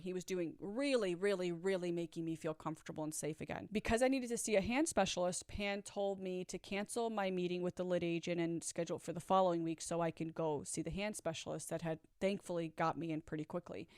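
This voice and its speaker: A woman telling her own story straight to the camera, candid and conversational, blunt enough to swear. Her voice is smooth and clear, and the sound is dry and close with no room echo. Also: lowish voice, a little fast, few pauses, darkish tone. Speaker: vlogger. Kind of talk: personal storytelling.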